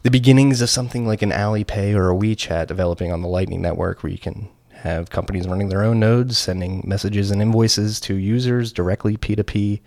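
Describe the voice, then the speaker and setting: A man's voice: fairly low pitch, a little fast, gravelly, hardly any pauses, a little mellow. A man co-hosting a podcast in casual, joking chat, rambling with frequent ums. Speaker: podcast co-host.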